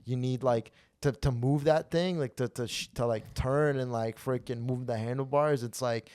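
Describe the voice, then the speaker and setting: A young man in mid-pitch tells a comedy story casually, swearing freely and building to loud rants. The sound is dry and close, with no room echo. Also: normal speed. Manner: animated, profane, gets loud when ranting. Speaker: podcast host.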